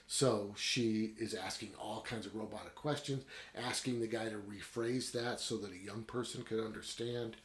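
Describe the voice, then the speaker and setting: A man's voice: on the low side, reverberant. A man casually retelling and reviewing a story in a rambling, conversational way. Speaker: book reviewer. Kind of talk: casual book review talk.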